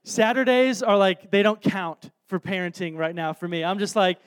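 A preacher in his thirties with a notably high voice tells an anecdote during his sermon, animated and poking fun at himself. He keeps restarting sentences but stays at ease with the crowd, speaking at a normal speed with a clean tone.

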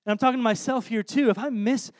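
A man preaching in a casual, earnest way, often trailing off into soft, quiet phrases. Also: very high voice, fairly even intonation, fast, dry recording. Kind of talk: conversational sermon.

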